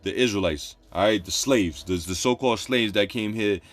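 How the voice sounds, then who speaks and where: A man's voice: lowish voice, normal speed, soft background music. A man preaching, reading Bible verses and explaining them in loose, repetitive street talk. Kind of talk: scripture teaching.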